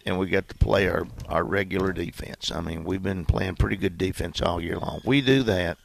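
A man's voice: sits low, moderate pace, vocal fry. A man, a basketball coach telling stories in a folksy way in a radio interview. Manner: folksy storytelling.

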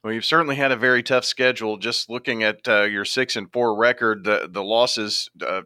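A man's voice: lowish voice, steady tone, moderate pace, sharp tone, clean tone, dry recording, clean studio sound. A man hosting a sports radio interview, chatty and asking leading questions.

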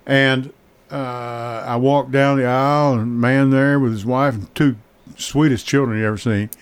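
A man's voice: medium pitch, fairly even intonation, normal speed, smooth. A man hosting a radio talk show, telling rambling stories with many restarts and fillers. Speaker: radio host. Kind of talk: casual radio chat.

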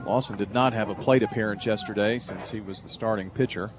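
A man's voice: lowish voice, fairly even intonation, brisk, noisy background. Male color commentator for baseball radio, understated and brief.

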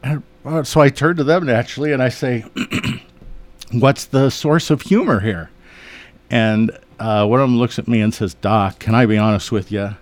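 An eye surgeon, a guest in a radio studio, tells funny stories about his patients in a folksy, chuckling way. His mid-range voice moves at normal speed through this relaxed, anecdotal storytelling.

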